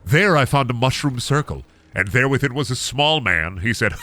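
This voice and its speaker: A man's voice: mid-range voice, expressive, moderate pace, sharp tone. A young man live-streaming a game, rambling goofily and joking as he plays. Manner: goofy, rambling, sings and jokes. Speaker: gaming streamer. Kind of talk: casual live-stream commentary.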